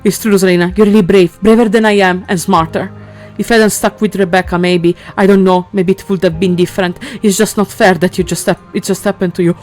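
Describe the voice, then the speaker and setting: A woman's voice: mid-range voice, fairly even intonation, a little fast, hardly any pauses, darkish tone, faint music behind, close to an everyday voice. A woman voicing a panicked teenage friend in a game, talking in a frantic, self-blaming way.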